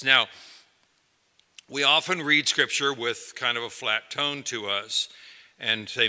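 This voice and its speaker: Bright-voiced man preaching in a reverberant hall. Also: medium pitch, slow pace, long pauses. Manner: conversational, addresses listeners directly. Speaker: pastor. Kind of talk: sermon.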